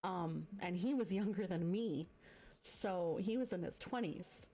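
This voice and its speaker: A woman streamer hosting a livestream, talking in a halting, soft-spoken, casual way and apologizing often. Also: on the low side. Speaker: streamer host. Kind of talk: emotional casual talk on a livestream.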